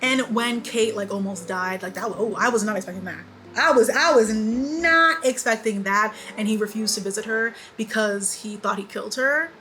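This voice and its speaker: A woman in her twenties giving a casual, animated TV recap, repeating lines for emphasis and laughing often. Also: medium pitch, moderate pace, few pauses, a little hiss or hum, low-quality recording. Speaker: beauty vlogger.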